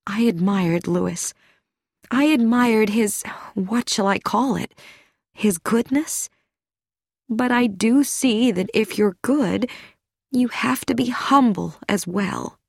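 A woman reading an audiobook, voicing a gentle, humble elderly woman who speaks softly and earnestly. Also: on the high side, takes it slowly, gravelly, no echo, studio quality, full character voice. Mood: earnest wistful.

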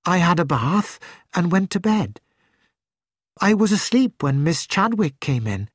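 Man playing a worried school matron, higher voice, slow delivery, dry studio sound. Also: sing-song, breathy edge, dry recording, exaggerated voice. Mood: distressed. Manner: shaken but composed, high light voice. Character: upset middle-aged woman school matron.

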